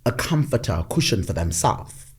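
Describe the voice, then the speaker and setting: A middle-aged man telling stories in a reflective conversation, measured and often repeating words as he gathers his thoughts. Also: fairly low pitch, very animated, breathy edge. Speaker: podcast guest.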